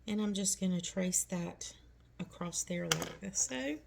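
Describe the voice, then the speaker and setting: A woman's voice: lowish voice, a little slow, gravelly. A middle-aged woman talking through a nail tutorial step by step, chatty and reassuring.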